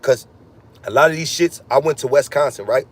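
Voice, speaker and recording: A man's voice: medium pitch, a little fast. A man delivering a heated, profane, freewheeling podcast monologue, ranting and swearing constantly. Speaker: podcast host.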